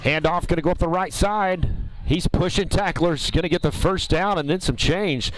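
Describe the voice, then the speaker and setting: An upbeat man calls a high school football game play by play at a brisk clip. Faint music sits low under the broadcast. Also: poor audio. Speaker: play-by-play announcer.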